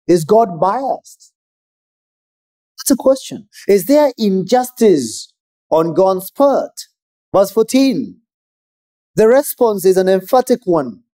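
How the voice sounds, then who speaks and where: A man preaching a sermon in a measured, emphatic way with pauses. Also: high-pitched, warm tone.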